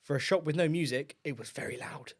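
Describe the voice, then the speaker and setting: A man's voice: fairly high pitch, fairly quick. A man co-hosting a casual podcast. He tells wry, petty complaints in an offhand way and swears freely. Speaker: podcast co-host. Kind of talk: casual chat.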